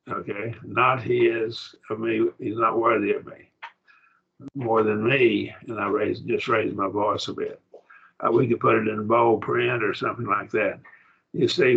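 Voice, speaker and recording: A man's voice: mid-range voice, vocal fry, sharp tone, husky, muffled recording. A man teaching a Greek grammar class, explaining patiently and often checking that students follow. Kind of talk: classroom lesson.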